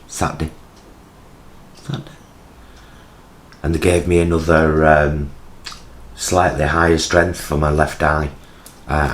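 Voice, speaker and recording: A low-pitched British man in his forties rambles through a relaxed chat to camera, self-mocking and conversational. He talks from his home kitchen into his vlogging camera, with a faint hiss of noise behind him. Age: 40s.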